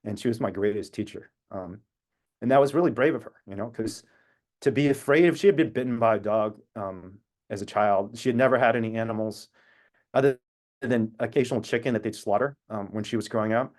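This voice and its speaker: A man's voice: medium pitch, a little fast, darkish tone. Earnest man telling a personal story. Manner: reflective, earnest storytelling with long tangents. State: emotional at times. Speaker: activist speaker. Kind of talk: personal talk on a video call. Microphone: video call.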